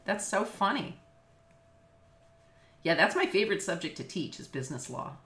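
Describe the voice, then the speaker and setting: A woman's voice: fairly low pitch, sing-song, normal speed, fairly bright tone. A middle-aged woman from Los Angeles who teaches business law, chatting casually on a video call, with lots of fillers and easy laughs. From Los Angeles, United States. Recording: echoey room.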